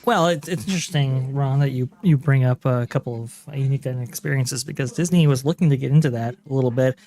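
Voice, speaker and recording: A man on a podcast panel speaking in a measured, thoughtful way. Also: medium pitch, mellow, a little hiss or hum. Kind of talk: casual podcast chat.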